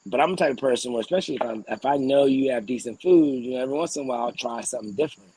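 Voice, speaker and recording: A young man co-hosting a podcast, telling a story in an animated, profane rant and often clearing his throat. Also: mid-range voice, rapid-fire, slight background noise, low-quality recording. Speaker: podcast co-host.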